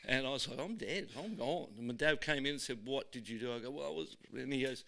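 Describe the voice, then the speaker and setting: A middle-aged Australian man hosting a podcast in a studio, telling stories in a lively, casual way and often laughing. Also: medium pitch, quick pace, gravelly. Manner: lively yarn-spinner, laughs often, acts out voices in his stories. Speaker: podcast host. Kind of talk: casual storytelling chat.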